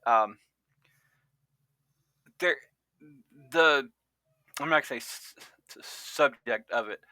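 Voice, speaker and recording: A man hosts a casual podcast chat with a strikingly bright, forward voice. He rambles and restarts his sentences often. The sound is dry and close. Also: medium pitch, clean tone, dry recording. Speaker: podcast host.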